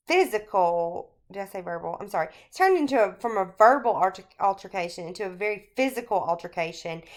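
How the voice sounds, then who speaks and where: A woman teacher recording a screencast lecture on a short story, talking through it in an unhurried, explanatory way with frequent fillers. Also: medium pitch.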